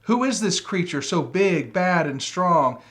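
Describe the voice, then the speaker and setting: A man reading a picture book aloud, voicing a bold young girl gruffalo who exclaims in a loud sing-song chant. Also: high-pitched, animated, a little slow, voice pushed up. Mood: awed. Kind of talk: storybook read-aloud.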